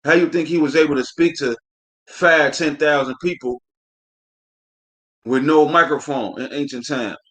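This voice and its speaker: A man's voice: a little high, normal speed, pauses often, a bit bright. A man teaching a live-streamed scripture class, reading verses aloud and then commenting in a blunt, coarse way, often saying "man". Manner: preachy, blunt, says "man" constantly; coarse, swears freely.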